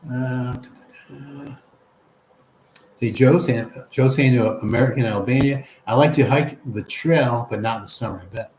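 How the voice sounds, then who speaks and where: A man's voice: medium pitch, moderate pace, darkish tone, reverberant, a little hiss or hum. A man hosting a casual livestream, reading viewer comments aloud and chatting back in an encouraging, easygoing way.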